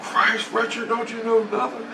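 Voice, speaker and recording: A man's voice: very high voice, flat delivery, moderate pace, vocal fry, pushed and bright, voice pushed up, exaggerated voice. A man voicing Jesus as an exasperated man who scolds him. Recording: roomy echo, far from mic, faint hiss.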